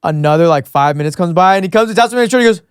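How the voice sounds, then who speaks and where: A man's voice: high voice, lively intonation, rapid-fire, smooth, no room sound, clean studio sound. A young man co-hosting a podcast, telling a story in casual chat and acting out other people's lines. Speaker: podcast co-host.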